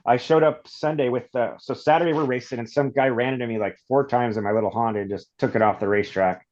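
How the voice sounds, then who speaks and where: A man from Northern California, a podcast guest, telling long rambling stories in a casual, animated way. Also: medium pitch, fast, highs cut off. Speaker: podcast guest, off-road shop owner. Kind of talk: casual storytelling.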